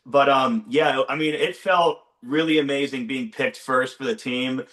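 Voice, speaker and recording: A young man, a former game show contestant, chatting on a video call and excitedly retelling his experience with lots of "like.". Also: mid-range voice, a little slow. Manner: excitable storyteller, heavy use of "like". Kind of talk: casual chat on a video call. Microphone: video call microphone.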